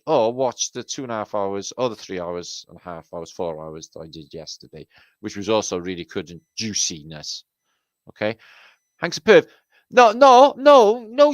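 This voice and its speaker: A man's voice: mid-range voice, fairly bright tone, dry recording, poor audio. A British man hosting a casual livestream, rambling in slang, swearing freely and chatting with viewers in a chummy way. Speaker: livestream host. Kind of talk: casual livestream chat, reading out viewer comments. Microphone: streaming setup mic.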